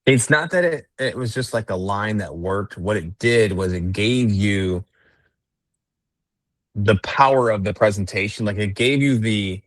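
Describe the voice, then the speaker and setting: A man's voice: fairly low pitch, a little slow, no echo. A man coaching real estate agents on a group call, teaching step by step and acting out sample lines to clients.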